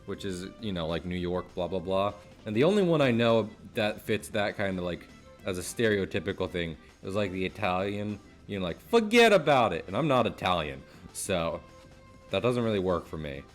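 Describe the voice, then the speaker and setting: A man's voice: low-pitched, lively intonation, normal speed, faint music behind. A man from New Jersey streaming live in a casual chat, rambling, laughing often and swearing now and then.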